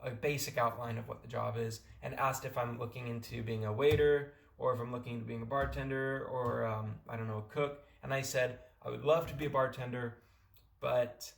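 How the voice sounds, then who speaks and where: A man's voice: medium pitch, steady tone, fairly quick, creaky, roomy sound. A young American man from California giving casual, rambling advice in a vlog. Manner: rambling, many restarts and fillers. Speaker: vlogger.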